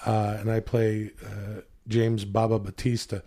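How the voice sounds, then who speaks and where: A man's voice: on the low side, monotone, a little slow, mellow. A man hosting a podcast in casual, joking, profane chat that rambles along. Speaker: podcast host.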